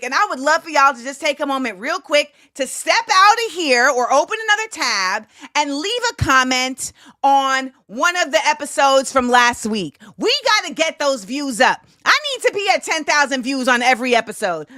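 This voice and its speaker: High bright-voiced woman host. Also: normal speed, no echo, studio quality. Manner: animated, hyped shout-outs to viewers. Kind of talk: casual livestream chat.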